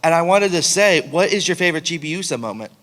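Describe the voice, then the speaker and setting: A young man, a fan at a convention panel, asking a question in an excited, rambling way. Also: a little high, fast. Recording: convention hall with long reverb.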